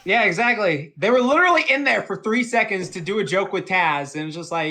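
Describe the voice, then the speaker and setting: A man co-hosting a casual podcast, his voice sitting a little high. He is laid-back and loose, swears freely and laughs easily. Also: expressive, fairly quick, hardly any pauses, bright, forceful tone. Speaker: podcast co-host. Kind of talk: casual chat.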